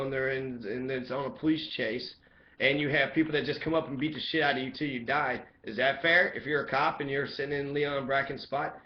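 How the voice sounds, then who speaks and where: A man's voice: mid-range voice, dull audio, a little hiss or hum. A man giving an angry, profane monologue as a commentator, heated and ranting throughout.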